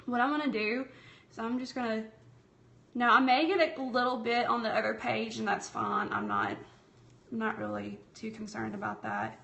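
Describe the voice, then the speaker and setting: Southern lady from tennessee doing a live craft stream on her tablet, kinda high voice, chatty, lots of y'all. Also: expressive, moderate pace, gravelly, sharp tone. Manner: chatty and friendly, calls viewers y'all, talks while working. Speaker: craft livestream host. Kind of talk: casual live tutorial, reading viewer comments. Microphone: tablet streaming app.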